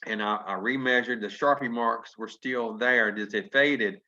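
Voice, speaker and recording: A man telling a folksy story to an audience, lively and chuckling as he acts out what people said. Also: medium pitch, measured pace. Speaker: business testimonial speaker. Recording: dull lo-fi conference call audio.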